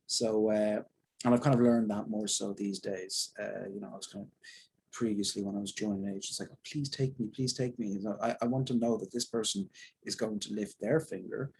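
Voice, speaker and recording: A young Irish actor talking candidly and at length in an interview, rambling and self-deprecating. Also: male voice, lowish voice, steady tone, brisk, gravelly, darkish tone, a little hiss or hum, rough recording. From Ireland. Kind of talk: casual interview talk.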